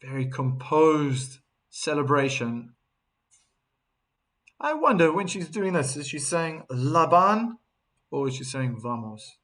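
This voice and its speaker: A South African man with a voice slightly higher than usual commentates a tennis match live. He talks slowly with long pauses, chats casually, reads viewers' chat messages aloud between calls, and bursts with excitement on the big points.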